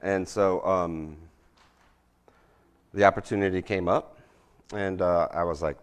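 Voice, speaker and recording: Man, middle-aged, very deep voice, chatty presenter, lots of ums, asks the room "right?". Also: steady tone, a little slow, pauses often, smooth. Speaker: presenter speaking to a church group. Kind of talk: casual interactive presentation with an audience quiz. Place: room with a live audience.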